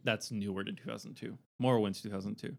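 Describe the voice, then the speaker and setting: A man's voice: on the low side, fairly even intonation, quick pace, vocal fry, a little mellow. A man chatting casually with friends. He rambles, swears and uses lots of fillers. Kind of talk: casual chat.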